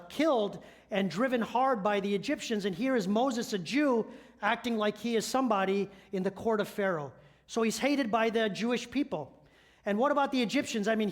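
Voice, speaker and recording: A middle-aged man, a church elder, preaching a sermon in a conversational storytelling way with rhetorical questions. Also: sits high.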